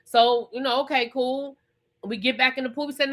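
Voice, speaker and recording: Emphatic, bright-voiced woman vlogger. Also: high voice, steady tone, brisk. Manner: emphatic, repetitive, swears freely. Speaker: TV review vlogger. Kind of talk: casual reality TV recap.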